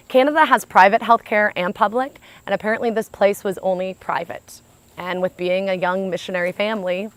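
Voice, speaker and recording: An American woman from the United States, a speaker telling a personal story in an animated, chatty way, often saying "like". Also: mid-range voice, no room sound.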